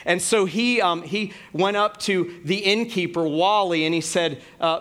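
A man's voice: high voice, a little slow, hardly any pauses, fairly bright tone. Chatty middle-aged male pastor. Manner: conversational, many fillers like "like" and "um". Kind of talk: sermon with storytelling. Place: church.

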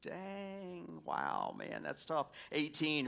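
Speaking at a measured pace in a medium-pitched, slightly bright voice, a pastor from the American South leads prayer, reads scripture, and delivers his sermon. He's conversational and folksy, often addressing the congregation directly in asides.

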